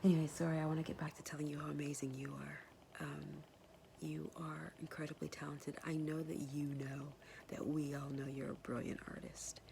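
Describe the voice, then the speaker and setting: A woman whispering a soft, hesitant, tender and apologetic personal message to her son, pausing often. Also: deep voice, little pitch movement, creaky, a little hiss or hum. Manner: soft and hesitant, many pauses and fillers. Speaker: mother speaking to her son.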